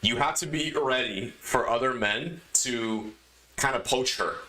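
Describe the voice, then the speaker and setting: A man's voice: medium pitch, a little slow, pushed and bright. A man hosting a podcast, giving emphatic, lecturing advice in a casual monologue. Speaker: podcast host. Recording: echoey room.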